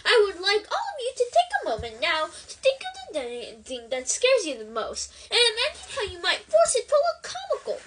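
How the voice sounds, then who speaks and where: A kindly male wizard teacher speaks in a calm, steady, instructive way, as a woman reading a storybook puts him on. His voice sits high and moves with a lively lilt. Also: moderate pace, hardly any pauses, a little hiss or hum, exaggerated voice. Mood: calm instructing.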